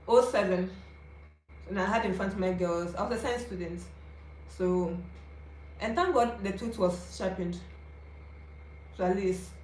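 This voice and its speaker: A woman's voice: mid-range voice, a little mellow, a little hiss or hum. Ghanaian woman vlogging in an echoey room. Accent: Ghanaian English. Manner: confiding, chatty, checks in with viewers. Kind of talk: personal storytelling to camera. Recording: roomy echo, faint ambience.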